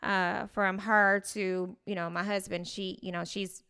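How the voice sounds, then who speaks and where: A woman's voice: medium pitch, unhurried, clear, resonant tone. A woman co-hosting a podcast, telling a story in casual chat and acting out the people in it. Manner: storytelling, animated retelling with quoted voices. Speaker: podcast co-host.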